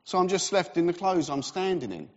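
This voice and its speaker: A man's voice: high-pitched, very animated, fairly quick, voice pushed up. A man playing an anxious man pleading with God. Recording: reverberant, slightly dull hall recording.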